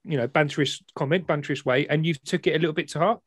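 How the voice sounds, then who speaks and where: Fast-talking man, direct. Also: a little high, steady tone, husky, no echo, clean studio sound. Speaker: podcast guest. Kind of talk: casual chat.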